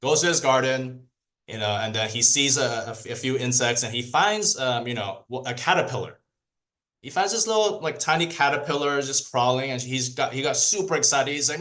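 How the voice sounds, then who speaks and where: A man's voice: medium pitch, a little fast, a bit bright. A man coaching his sales team with a casual, rambling delivery that is full of restarts and fillers. He speaks in an ordinary mid-range voice. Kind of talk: motivational training talk.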